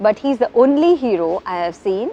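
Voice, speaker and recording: Interview guest, woman, somewhat high voice, lively anecdotes with acted-out quotes. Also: quick pace, highs cut off. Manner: animated storyteller, acts out quotes, laughs often. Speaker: film actress, interview guest. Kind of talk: casual interview chat.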